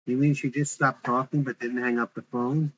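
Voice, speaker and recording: A man's voice: mid-range voice, little pitch movement, moderate pace, lo-fi sound, voice pushed up, natural voice. A man reading the part of a concerned woman on the phone, polite and worried.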